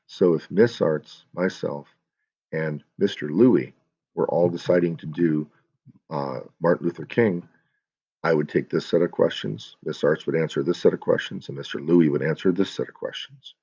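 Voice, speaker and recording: A male teacher with a deep, low voice walks his students through a class project step by step, talking straight to them. The recording sounds dull and lo-fi. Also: normal speed, dark tone, breathy edge. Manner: step-by-step, explanatory, addresses students directly.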